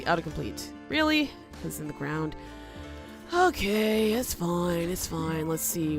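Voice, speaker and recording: Lively woman chatting through gameplay. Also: mid-range voice. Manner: chatty, talks back to the game, laughs often. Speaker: let's play host. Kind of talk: gameplay commentary.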